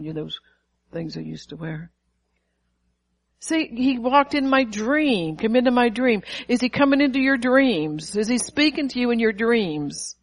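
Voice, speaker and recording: A middle-aged woman preaching a sermon, emphatic and calling out to her listeners. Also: lowish voice. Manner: emphatic, calls to the audience.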